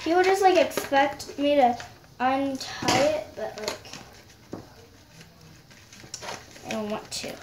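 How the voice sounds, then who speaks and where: A young girl chatting casually to viewers while she unboxes a toy, talking aloud as she fusses with the packaging. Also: high-pitched. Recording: echoey room with background noise.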